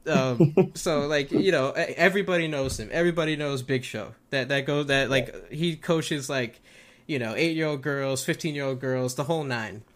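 A man co-hosting a casual comedy chat, telling animated stories and acting out quotes. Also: medium pitch, normal speed. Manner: animated storytelling with acted-out quotes. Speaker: co-host.

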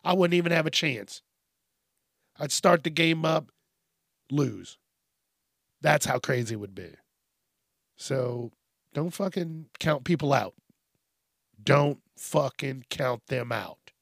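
A man's voice: fairly high pitch, lively intonation, takes it slowly, creaky, long pauses, dry recording, clean studio sound. A man hosting a podcast, ranting bluntly and profanely in a rambling monologue. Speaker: podcast host.

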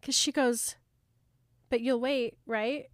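A woman's voice: a little high, steady tone, takes it slowly, no room sound, studio quality. A woman co-hosting a casual podcast, giggly and joking as she reacts to the story. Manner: giggly, jokes and reacts with gasps. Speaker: podcast co-host. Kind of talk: casual book chat.

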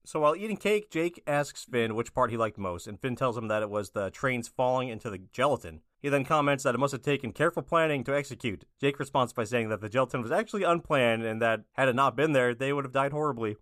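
A man co-hosting a podcast, recapping a cartoon episode in relaxed, dry conversation. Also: mid-range voice, fast talker, few pauses, no echo. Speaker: podcast co-host.

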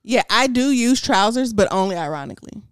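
A woman co-hosting a podcast, trading playful, quick banter in a casual chat. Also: medium pitch, expressive, clean tone, dry recording, clean studio sound. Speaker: podcast co-host. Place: small room, seated on a couch.

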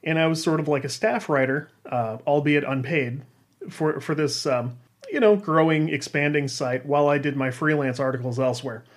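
Rambling self-deprecating man, fairly high voice. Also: normal speed. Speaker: freelance games writer. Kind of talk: casual personal storytelling.

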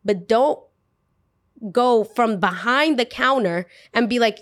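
A young woman casually telling a retail work story, animated and full of fillers, acting out what people said. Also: a little high, moderate pace, a little hiss or hum. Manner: animated, lots of "like", acts out quotes.

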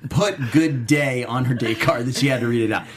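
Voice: medium pitch, over a noisy crowd. Upbeat chat show host. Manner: upbeat, quick asides, laughs often. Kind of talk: casual chat, reading viewer chat.

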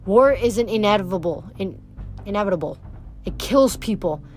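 A woman's voice: medium pitch, animated, soft background music, close to an everyday voice. A woman reading as a strained teenage boy. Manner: strained, halting. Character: upset sixteen-year-old boy, grieving.

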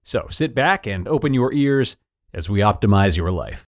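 A man hosting a podcast, reading an article aloud in a measured, earnest way. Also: fairly low pitch, big pitch swings. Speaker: podcast host and narrator.

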